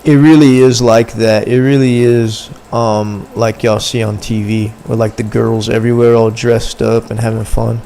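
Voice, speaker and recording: A man's voice: mid-range voice, level tone, moderate pace, creaky, few pauses, dark tone. A young man livestreaming, chatting casually and rambling in slang to his viewers. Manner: rambling, slangy, talks to chat. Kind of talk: casual stream chat.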